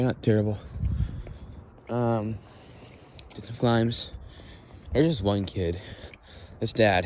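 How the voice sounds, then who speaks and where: A man's voice: mid-range voice, dark tone, slight background noise. Blunt, rambling young man on a walk. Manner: rambling, blunt and profane, frequent restarts. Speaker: podcast host. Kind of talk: casual walk-and-talk monologue. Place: outdoors on a walk at dusk.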